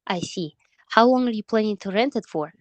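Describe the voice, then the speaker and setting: A woman real estate agent practicing a cold call, asking slow, careful, scripted questions. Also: mid-range voice, animated, no echo. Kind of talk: sales call role-play.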